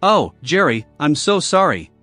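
A man's voice: fairly high pitch, very animated, a little slow, pushed and bright, dry recording, soft background music, full character voice. A man reading a pleading, tearful wife. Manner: pleading, defensive. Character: tearful pleading young wife caught cheating.

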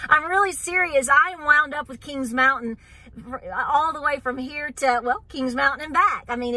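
A middle-aged woman with an East Tennessee accent talks straight to her viewers on her homestead vlog. Her voice sits a little high and sounds bright and forceful. She is earnest and wound up, says y'all and keeps coming back to "here's the deal.". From Southern Appalachia. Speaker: homestead channel host. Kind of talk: casual vlog talk to viewers.

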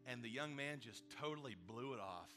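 Earnest, bright-voiced male pastor preaching. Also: medium pitch, a little fast, faint music behind. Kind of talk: sermon and closing prayer.

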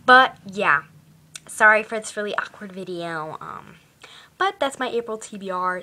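A woman's voice: medium pitch, expressive, measured pace, pushed and bright. A teenage girl vlogging about the books she plans to read, chatty and rambling, in a put-on British accent. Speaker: book vlogger. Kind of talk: casual book chat to camera.

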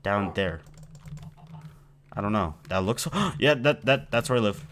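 Man, slow unhurried talk, playful game commentary, chats to pet, faint keyboard clicks. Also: on the low side, expressive, a bit bright, slight background noise. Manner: playful, talks to his in-game pet, rambling. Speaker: gameplay video host. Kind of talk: casual let's-play commentary.

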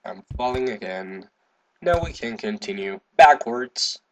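Excitable man doing gameplay commentary. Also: a little slow. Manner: excitable, swearing, hums to himself, sudden high yelps. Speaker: gaming video host.

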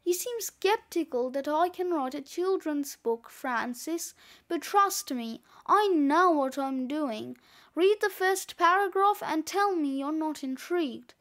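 A woman's voice: high-pitched, expressive, slow pace, a bit bright, full character voice. A woman doing a boastful schoolboy. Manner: boastful, breezy. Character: cocky boy, a scheming schoolkid author.

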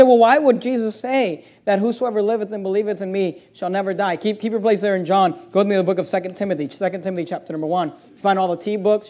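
A man with a very high voice preaches a sermon. He reads scripture aloud and draws out his key words slowly, sometimes dropping suddenly to a hushed tone. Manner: preaching with slow, drawn-out emphasis and sudden drops to quiet; reads scripture aloud in old-style wording. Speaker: pastor.

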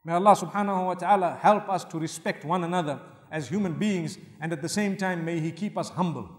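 Guy preaching a sermon, pretty high voice, big hall echo, earnest with jokes, gets loud then quiet. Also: fairly quick. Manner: earnest, humorous, varies loudness for emphasis. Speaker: Islamic preacher. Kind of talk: sermon lecture. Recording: long hall reverb.

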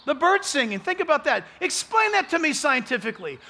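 A male pastor preaching an outdoor sunrise sermon into a stage microphone, animated, joking with the crowd and acting out the voices he quotes. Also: very high voice, brisk, few pauses, slight background noise. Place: outdoors at dawn, cold.

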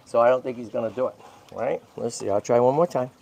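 This channel host and tortoise rescuer speaks fast at a medium pitch, his voice carrying vocal fry. On a casual livestream he chats and keeps asking "right?" and "okay?" while gently cooing to the baby squirrel in his hands.

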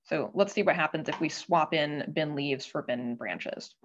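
A woman giving an academic talk at a colloquium, explaining step by step in a measured way with frequent filler pauses. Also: sits low, dull audio, slight background noise. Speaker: guest speaker at a linguistics colloquium. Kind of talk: academic lecture with slides.

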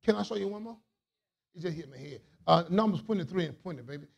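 A man preaching a sermon as a bishop, in a call-and-response style that swings from quiet asides to shouts. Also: high voice, animated, fast talker, vocal fry, muffled recording.

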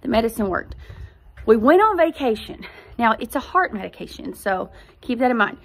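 A woman's voice: a little high, very animated, moderate pace, vocal fry. Earnest woman sharing a personal story. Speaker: podcast host; mother. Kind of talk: personal faith testimony.

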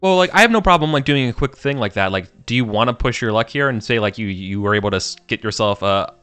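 A man's voice: medium pitch, animated, fast, fairly bright tone, clean tone. A man running character creation as game master of a tabletop game, casual and hesitant, with many fillers.

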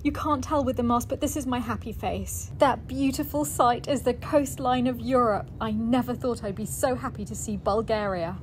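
A woman's voice: on the high side, moderate pace, hardly any pauses, poor audio. A tired woman vlogging a travel diary, talkative and emotional. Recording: steady background noise.

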